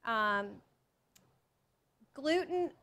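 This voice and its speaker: Speaking very slowly, a woman with a high-pitched, expressive, sharp-toned voice leads a live cooking demo in a teaching kitchen. The cookbook author keeps things chatty and self-deprecating for her audience, with frequent restarts.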